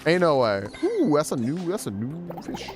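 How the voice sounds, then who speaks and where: A man's voice: on the high side, huge pitch swings, moderate pace, faint music behind. A man streaming a game, telling stories casually, swearing a lot and full of filler words. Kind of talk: casual gaming stream storytelling.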